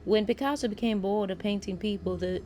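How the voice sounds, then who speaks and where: A woman reading a game character's lines aloud in a put-on Southern US accent, voicing an unhinged, obsessive male surgeon in a hurried, stumbling way. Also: medium pitch, steady tone, darkish tone, faint music behind, close to an everyday voice. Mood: fevered.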